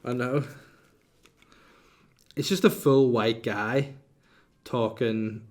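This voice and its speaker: A man's voice: mid-range voice, steady tone, very slow. A man hosting a casual solo podcast, chatting cheekily and reading out listener questions. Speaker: podcast host.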